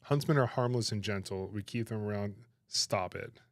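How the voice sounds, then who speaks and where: A man chatting on his livestream, animated and laughing, protesting in exaggerated disbelief. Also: on the low side, moderate pace, no room sound. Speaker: streamer reacting to chat. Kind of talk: casual livestream chat.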